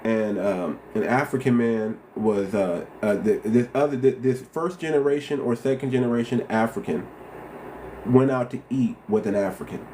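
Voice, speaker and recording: Man, livestream host, impassioned, repeats himself, rhetorical questions, mid pitch. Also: normal speed, warm tone, a little hiss or hum. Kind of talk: casual livestream commentary.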